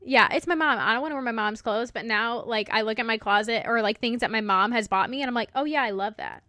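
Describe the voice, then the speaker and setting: Casting: young woman podcast co-host, fairly high voice, giggly and emotional, dry close sound. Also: bright, forceful tone, dry recording. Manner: giggly, emotional, quick to laugh. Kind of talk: casual chat.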